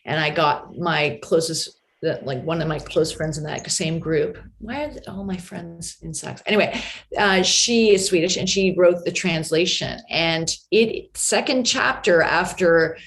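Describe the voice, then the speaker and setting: A woman with a slightly lower voice leads a relaxed discussion over a video call. She talks in a chatty, rambling way and apologizes easily as she hands the floor on. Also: unhurried. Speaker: discussion moderator. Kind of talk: casual discussion.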